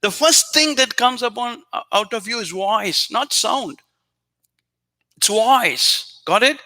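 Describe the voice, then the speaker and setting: A man hosting a spiritual show, giving an earnest, repetitive teaching talk addressed straight to a viewer, now and then softly chanting phrases. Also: very high voice, expressive, takes it slowly.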